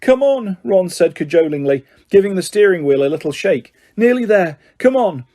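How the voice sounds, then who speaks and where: A man voicing an anxious teenage wizard boy who gets jumpy and shouts when scared, in an audiobook reading. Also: high voice, lively intonation, no echo, studio quality. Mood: nervous coaxing.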